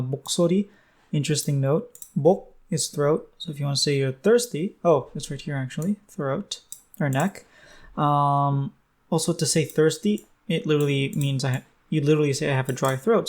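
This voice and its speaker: A young man teaching a language lesson in a casual, think-aloud way, with frequent fillers and self-corrections. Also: on the high side. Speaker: Korean language tutor.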